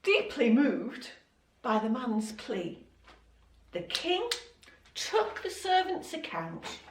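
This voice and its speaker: Woman storyteller, high and lively, unhurried, echoey room, mic at a distance. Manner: expressive, dramatic storytelling with acted quotes. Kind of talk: children's Bible storytelling.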